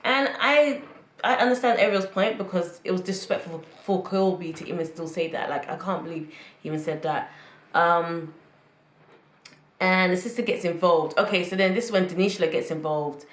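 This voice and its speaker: Reviewing a reality show, a woman shares laid-back, opinionated commentary, repeating phrases to drive her points home. She speaks at a moderate pace in a voice on the low side, and the room is echoey.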